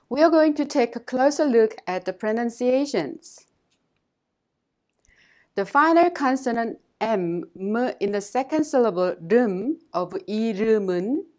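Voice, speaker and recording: Careful woman language teacher, fairly high voice. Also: darkish tone. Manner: slow, careful, instructive delivery with repeated model phrases. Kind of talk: scripted lesson narration.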